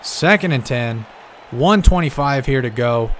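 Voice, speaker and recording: A man calling a simulated football game play by play. He gets excitable, rises to shouts on big plays, and keeps talking straight to the listeners as folks. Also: medium pitch, measured pace, a little hiss or hum. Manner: talks directly to the audience, calling them folks. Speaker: play-by-play commentator.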